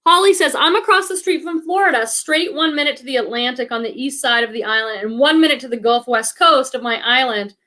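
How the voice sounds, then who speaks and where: A woman's voice: sits high, a little fast, hardly any pauses, pushed and bright. A woman in her forties hosting a casual live stream, chatting and reading out viewer comments, thinking aloud with many restarts. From Boston area, USA. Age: 40s. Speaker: reselling livestream host.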